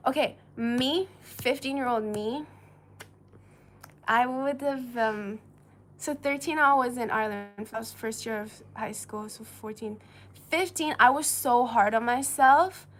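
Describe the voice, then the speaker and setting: A woman's voice: fairly high pitch, unhurried. A woman hosting a casual chat, chatty and full of questions, laughing often. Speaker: host.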